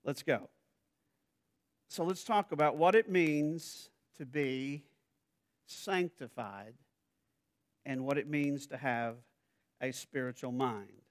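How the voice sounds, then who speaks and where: A middle-aged man from Southern Arkansas with a Southern accent, preaching a sermon in a conversational way that builds to loud, emphatic passages. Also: medium pitch, slow pace. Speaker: pastor.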